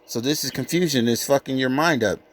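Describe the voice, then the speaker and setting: A man's voice: mid-range voice, a bit bright. Blunt, cursing man preaching scripture. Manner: slow emphatic scripture reading, blunt profane asides. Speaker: scripture teacher. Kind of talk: informal street sermon.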